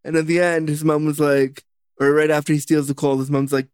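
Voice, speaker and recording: A man's voice: a little high, flat delivery, fairly quick, darkish tone, smooth, dry recording. A man casually recapping a film with jokes and swearing, in a rambling chat.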